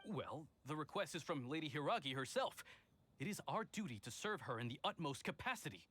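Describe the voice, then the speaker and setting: An actor voicing a dutiful escort guard in a game, formal and deferential. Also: male voice, fairly high pitch, expressive, fairly quick, bright, forceful tone. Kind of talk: game cutscene dialogue.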